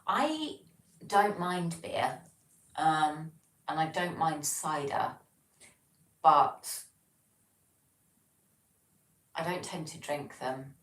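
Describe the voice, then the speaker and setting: Speaking slowly and pausing often, an Englishwoman with an English accent and a deep, animated voice livestreams from the home she lives in alone. The rough recording is reverberant with a distant mic, and she chats rambling and casually, reading viewer comments with frequent ums and restarts.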